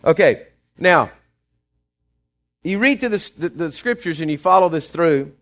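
A man with a slightly high voice preaches in a folksy, conversational style. He checks in with the congregation often and moves between quiet asides and emphatic bursts. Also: lively intonation, a little slow. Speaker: pastor. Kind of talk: sermon.

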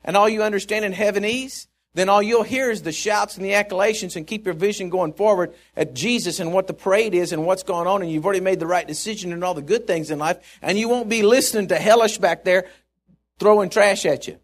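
High-voiced man preaching a sermon. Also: a little fast. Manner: emphatic, rising to stressed points and dropping low for asides.

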